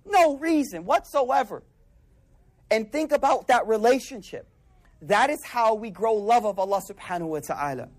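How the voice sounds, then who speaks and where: A man telling a personal story in a conversational sermon, animated and casual, with sudden drops into soft, quiet asides. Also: high voice, brisk. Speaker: preacher.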